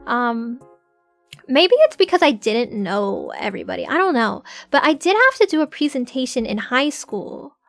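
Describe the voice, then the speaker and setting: A woman's voice: fairly high pitch, wildly swooping pitch, moderate pace, creaky, a bit bright, dry recording, soft background music. A young adult woman chatting casually to her live-stream audience, giggling often and filling her talk with "like". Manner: chatty, giggly, full of filler "like"s.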